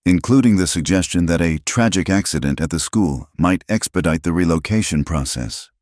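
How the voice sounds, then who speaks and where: A man's voice: sits low, normal speed, no room sound, clean studio sound. A man voicing a determined, wounded frontier schoolteacher who speaks steadily and coldly in an audiobook western. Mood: steady, accusing. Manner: steady and cold, accusing.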